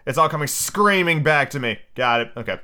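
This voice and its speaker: A man's voice: on the high side, animated, a little fast, bright, forceful tone, a little hiss or hum. A man hosting a podcast, reading a children's book aloud with rambling, filler-heavy asides. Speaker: podcast host.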